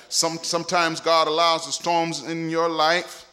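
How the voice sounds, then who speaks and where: A male preacher delivering a sermon in an emphatic, repetitive way that rises at times to shouting. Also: on the high side, flat delivery, a little slow, hardly any pauses.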